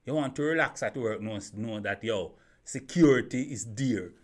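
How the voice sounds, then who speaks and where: A man holds forth to his camera in a running opinion monologue. He keeps asking rhetorical questions, circles back to the same points and trips over his own restarts, all at a mid pitch. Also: expressive, normal speed. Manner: rhetorical questions, repeats himself, stumbling restarts. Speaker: YouTube commentator.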